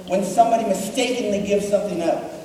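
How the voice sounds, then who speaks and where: A man giving an animated, joking storytelling talk to a school assembly. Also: sits high, fast talker, a little hiss or hum. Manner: acts out voices in his anecdotes, jokey. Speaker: motivational speaker at a school assembly. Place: large school hall or gym. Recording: echoey hall from far off.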